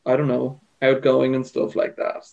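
A man's voice: medium pitch, completely flat delivery, normal speed, gravelly, a little mellow, lo-fi sound. A young man co-hosting a podcast, chatting casually and thinking things through aloud with lots of "like" and "I don't know". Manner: reflective, hedging with "like" and "I don't know". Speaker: podcast co-host. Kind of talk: casual chat.

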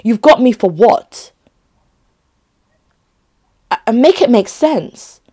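A woman's voice: on the high side, lively intonation, drawn-out words, dark tone. A young adult woman chatting casually to her viewers, emphatic and often restarting her phrases. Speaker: vlogger. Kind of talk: casual talk to camera.

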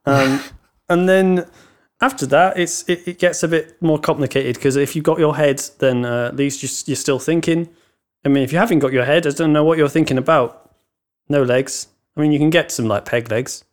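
A man's voice: fairly high pitch, moderate pace. A man co-hosting a casual banter podcast who rambles and jokes. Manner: rambling, joking. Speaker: podcast co-host.

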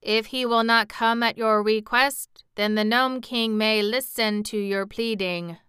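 Woman reads slow, formal clockwork man. Bright, crisp, very clear. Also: fairly high pitch, fairly even intonation, no room sound, clean studio sound. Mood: calm. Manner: slow, deliberate, precise.

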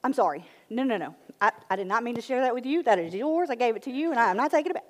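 A woman acting in a church skit as an excitable mother who chatters, fusses and keeps apologizing. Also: fairly high pitch, big-room sound, close to an everyday voice. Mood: chatty. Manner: bubbly, chatty, quick to apologize. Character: excitable churchgoing mom, easily flustered.

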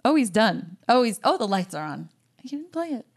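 A woman's voice: fairly high pitch, sing-song, normal speed. A young woman doing a stand-up comedy set on a podcast, telling a story with a lot of laughter and voiced asides.

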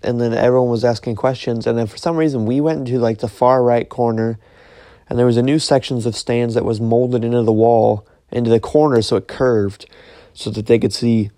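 A man's voice: mid-range voice, steady tone, a little fast, dark tone, no room sound, clean studio sound. A young man casually retelling a dream, rambling with lots of fillers and restarts. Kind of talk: casual storytelling, recounting a dream.

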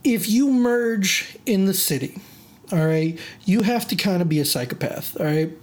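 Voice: medium pitch, lively intonation, moderate pace. A podcast host in a casual monologue, telling stories in a chatty way, full of fillers and restarts. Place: lives in Chicago area.

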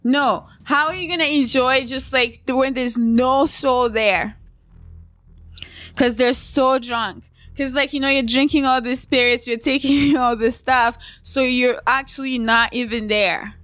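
A woman's voice: sits high, steady tone, measured pace, a bit bright, no echo. A woman hosting a casual solo podcast, talking bluntly and with outrage, often breaking into laughter. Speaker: podcast host.

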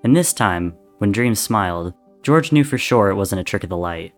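Male storyteller, lower voice, measured dramatic reading. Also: expressive, soft background music. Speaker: narrator. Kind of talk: reading fan fiction aloud.

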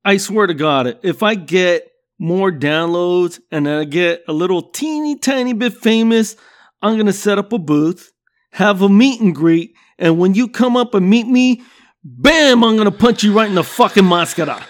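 A man's voice: high-pitched, lively intonation, unhurried. A man hosting a comedy podcast, ranting with constant swearing and laughing at his own jokes. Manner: swears constantly, laughs at own jokes, "you know what I'm saying". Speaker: podcast host. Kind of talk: profane comedic rant.

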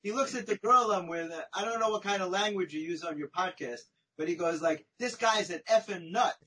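A man, a podcast guest, telling a long personal story in a chatty, animated way, often tagging his sentences with "right?" and "you know?". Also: sits high, brisk, slightly rough, rough recording. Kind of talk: conversational storytelling.

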